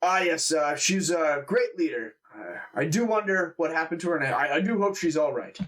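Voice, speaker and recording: A man's voice: fairly high pitch, expressive, normal speed, fairly bright tone. Man doing a courteous, rambling innkeeper. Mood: polite. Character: gregarious male innkeeper, polite dreamer.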